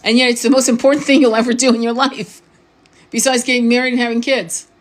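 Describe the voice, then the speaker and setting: A slightly high-pitched woman talks fast with a flat delivery. She's a tarot reader and spiritual coach giving an informal, blunt live-stream monologue, swearing freely, restarting words, and often asking viewers questions.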